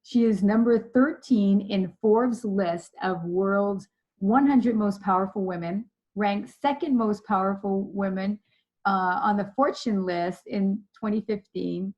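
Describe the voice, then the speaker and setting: A woman leadership trainer giving a slide presentation, telling a personal story in a chatty, animated way. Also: mid-range voice, lo-fi sound.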